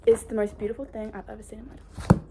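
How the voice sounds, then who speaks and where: A woman vlogging in a casual, rambling way, bubbly and excitable. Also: a little high, fast talker, heavy background noise. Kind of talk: casual chat.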